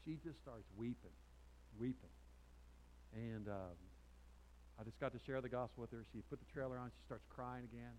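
A pastor preaching a sermon to his congregation, telling a personal story with restarts and asides, swinging from loud emphatic peaks to quiet, intense lines. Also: mid-range voice, moderate pace, long pauses, a little hiss or hum, poor audio. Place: church sanctuary before a congregation.

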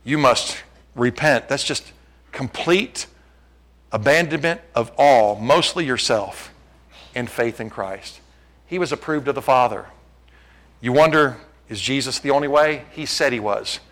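A man in his fifties preaching a sermon as pastor, fervent and emphatic, swinging from loud climaxes to quiet prayer. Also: medium pitch, a little slow.

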